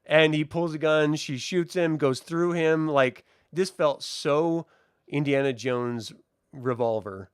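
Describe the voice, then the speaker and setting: A woman's voice: sits low, slow pace, clean tone, no room sound, studio quality. A woman co-hosting a casual TV review chat, retelling scenes with a lot of swearing and laughter. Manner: profane, laughing, animated retelling. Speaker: co-host reviewing a TV episode.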